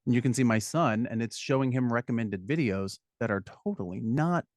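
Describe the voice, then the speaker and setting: A man's voice: mid-range voice, fairly quick, dry recording. Upbeat guy explaining stuff on a studio show, dry close sound. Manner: lively, salesy, explains with examples. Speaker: guest, business consultant. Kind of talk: casual interview chat.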